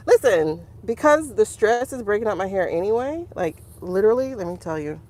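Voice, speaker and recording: A woman's voice: on the low side, normal speed, few pauses. A woman hosting a casual livestream as a tarot reader, chatting to her viewers and laughing often. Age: adult. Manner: chatty, animated, laughs often, talks to the chat.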